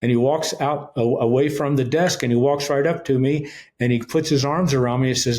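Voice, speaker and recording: A middle-aged man sharing his faith testimony as a podcast guest, at an ordinary pitch for a man. He tells it like a storyteller, earnest and direct, and voices the people in his story as he goes. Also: fairly even intonation, brisk, few pauses, a little mellow. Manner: earnest storyteller, retells events with quoted dialogue. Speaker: guest, ministry leader. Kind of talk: personal testimony in a podcast interview.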